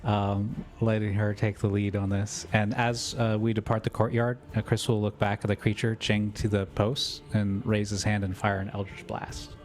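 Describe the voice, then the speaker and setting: Player, male, low voice, hesitant and casual. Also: little pitch movement, normal speed, few pauses, soft background music. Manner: tentative, describes actions in third person. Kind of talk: tabletop role-play.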